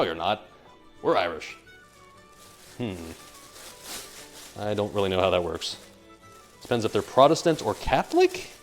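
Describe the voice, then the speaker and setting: Brief: young American male streamer, cooking live, rambling jokey chat, low voice that swings widely, faint music underneath. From United States. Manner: rambling, joking, reads chat aloud.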